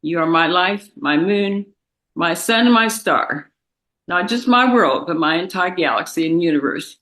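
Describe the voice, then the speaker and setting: Tearful young woman, bright voice. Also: lowish voice, animated, poor audio. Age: young adult. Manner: emotional, halting, with restarts and repetitions. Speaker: victim's daughter giving impact statement. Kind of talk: reading a prepared statement aloud. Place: courtroom.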